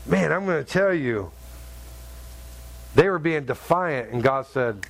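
Male pastor, middle-aged, slightly high voice, lively story-driven sermon with sound effects. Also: a little slow, gravelly, pauses often.

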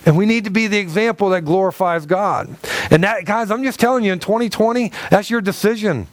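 A man preaching a sermon in a relaxed, conversational way, throwing out rhetorical questions and joking asides. His voice sits high for a man. The sound is close and dry, with little room to it. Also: fairly quick, no room sound. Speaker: pastor. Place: church hall.

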